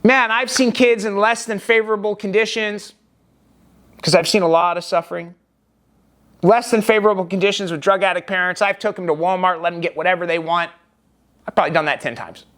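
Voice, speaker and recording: Vlogger, male, high register; emphatic, rambling first-person storytelling with restarts. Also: fairly even intonation, brisk, a bit bright.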